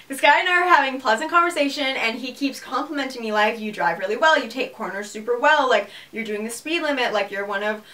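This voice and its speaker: A young woman co-hosting a podcast, telling a story in casual chat, animated and swearing freely. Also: fairly high pitch, a little fast, distant mic. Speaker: podcast co-host.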